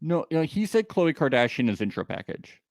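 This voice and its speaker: A man's voice: a little high, sing-song, fairly quick, no echo. A man co-hosting a casual podcast recap, chatty and laughing, with many fillers. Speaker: podcast co-host.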